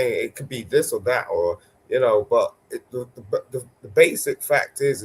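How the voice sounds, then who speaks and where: A man's voice: medium pitch, low-quality recording. Laid-back man, faint hiss behind. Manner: laid-back, talks with many fillers and restarts. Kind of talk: casual podcast chat.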